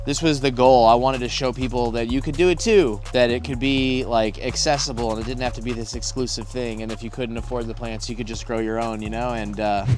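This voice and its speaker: A man hosting his plant channel in a casual unboxing vlog, excitable and sprinkling "dude" and "bro" through his talk. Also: mid-range voice.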